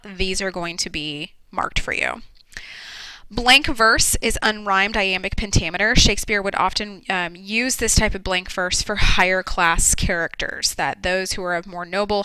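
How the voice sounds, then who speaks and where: A woman teacher talks through a lesson in a casual, explanatory way, dropping plenty of ums along the way. Her voice is bright and smooth, and the recording is dry and close. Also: medium pitch, dry recording, low-quality recording. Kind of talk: classroom lecture video.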